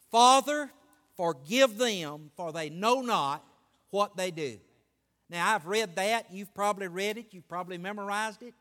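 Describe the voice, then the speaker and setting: A man preaching a sermon, building excitement and stretching out key phrases. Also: sits high. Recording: long hall reverb.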